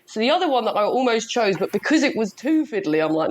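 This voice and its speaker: A woman co-hosting a casual podcast chat, chatty and quick to laugh and swear. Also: medium pitch, lively intonation. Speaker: podcast co-host.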